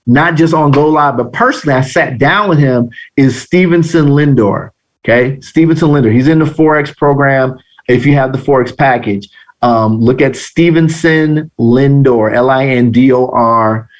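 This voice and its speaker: Animated man teaching trading. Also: a little high. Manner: animated storytelling, slangy. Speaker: trading instructor. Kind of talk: live online trading lesson.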